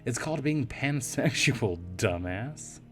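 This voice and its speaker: A hoarse man voicing a playful young college woman with a Mexican Spanish accent, in a game read-through. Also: mid-range voice, animated, slow, fairly bright tone, soft background music. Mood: teasing. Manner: teasing, playful.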